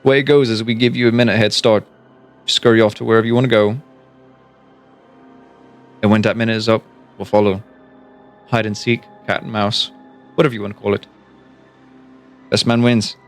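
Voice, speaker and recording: A man voicing a grinning, taunting Irish gunman in a put-on Irish accent, loud and cocky. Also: fairly low pitch, level tone, moderate pace, pauses often, soft background music, lightly acted.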